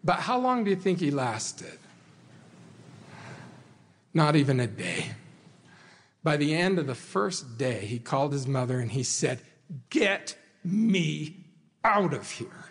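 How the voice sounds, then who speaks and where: A man delivering a sermon to a congregation, earnest and measured, with dramatic slow pauses. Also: mid-range voice, big pitch swings. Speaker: speaker addressing a congregation. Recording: hall reverb.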